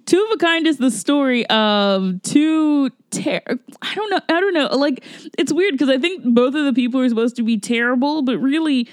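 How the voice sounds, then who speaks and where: A woman's voice: high voice, normal speed, few pauses, clean tone, no echo, clean studio sound. Rambling, exasperated woman podcast co-host. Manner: rambling, exasperated, many fillers. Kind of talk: casual movie review chat.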